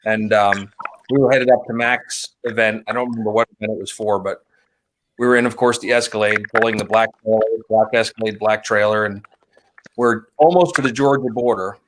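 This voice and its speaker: A man's voice: on the low side, fairly even intonation, a little fast, a bit bright, poor audio. A man speaking earnestly in casual conversation, telling a short story. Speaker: guest. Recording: clear background noise.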